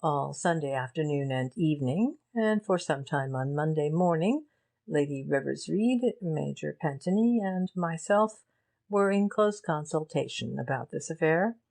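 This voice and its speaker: A shrewd gentleman walks through his reasoning in a low, unhurried voice, voiced by a woman reading an audiobook. His manner is measured and deliberate, each point placed with care. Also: animated, vocal fry, heavily acted. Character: shrewd male gentleman explaining a case.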